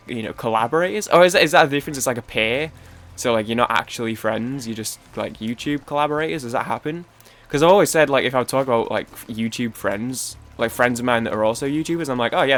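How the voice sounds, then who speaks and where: A man's voice: mid-range voice, a bit bright. A young man with a Manchester accent, rambling casually while playing a game, interrupting himself and swearing. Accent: Manchester English. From Manchester, England. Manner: rambling, self-interrupting, swears, trails off mid-story. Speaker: gaming YouTuber.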